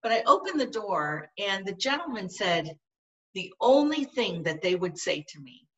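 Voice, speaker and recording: A woman's voice: medium pitch, sing-song, normal speed, recorded from a distance, lo-fi sound. A woman guest in an interview, telling a personal story in an earnest, vivid way. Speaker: podcast guest.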